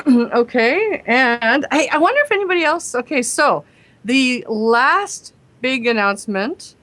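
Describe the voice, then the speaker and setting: A woman's voice: high-pitched, animated, unhurried, a bit bright, no room sound. A woman co-hosting an internet radio show, talking hesitantly with many ums and uhs as she sorts out announcements. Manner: hesitant, many fillers, organizing.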